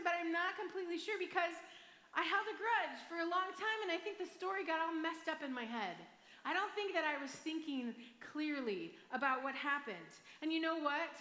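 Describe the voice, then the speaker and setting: Bright chatty woman pastor with a Michigan accent. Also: high-pitched. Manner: chatty and self-deprecating, asks the crowd "right?". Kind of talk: sermon with personal story. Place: large church hall. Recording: echoey church hall with long reverb.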